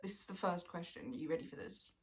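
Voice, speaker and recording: A woman's voice: on the low side, fast talker. Young girl vlogging with her best mate, laughing her way through a story. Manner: animated, laughing storyteller who acts out quotes. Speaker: vlogger host. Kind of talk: casual storytelling chat.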